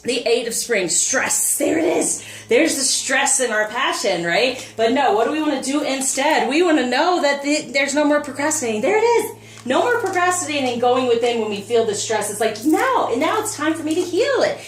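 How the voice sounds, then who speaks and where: A woman's voice: sits high, moderate pace, few pauses. A woman giving a casual spoken tarot reading as a spiritual coach, upbeat and encouraging. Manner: upbeat, encouraging, animated with laughs and quoted asides. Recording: echoey room, voice a bit far from the mic, faint noise.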